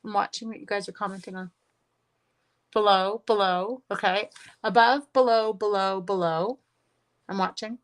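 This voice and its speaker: A woman's voice: medium pitch, steady tone, moderate pace, long pauses. A middle-aged woman hosting a card-making livestream, chatting casually to viewers and talking herself through each step. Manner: chatty, self-talking while crafting, talks to viewers. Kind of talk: casual livestream crafting chat.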